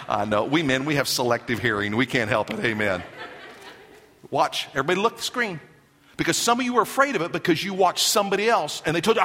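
A man preaching a sermon in an emphatic, animated way, with joking asides to the congregation. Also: on the high side, fast talker, long reverb tail. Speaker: pastor.

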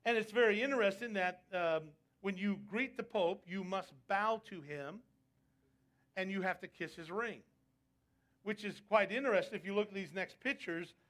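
A man's voice: high-pitched, moderate pace, fairly bright tone. A male preacher delivering a sermon, emphatic and asking his congregation rhetorical questions. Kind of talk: sermon on prophecy.

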